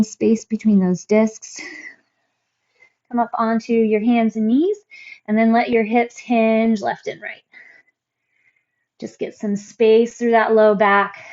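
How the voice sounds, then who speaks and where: A woman fitness instructor calmly cueing moves and counting reps through a workout class. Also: on the high side, slow pace, lo-fi sound. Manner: calm, encouraging cues and counting reps.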